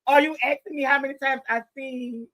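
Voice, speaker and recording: A woman in her forties in a casual chat as co-host, expressive and teasing. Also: high voice, fairly quick.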